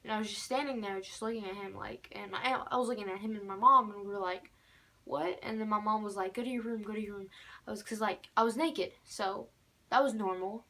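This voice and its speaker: Teen girl, casual storytime vlogger, rambling and filler-heavy, average pitch. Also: fairly even intonation, a little fast, bright, forceful tone. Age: teens. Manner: rambling, many fillers, keeps repeating "normal".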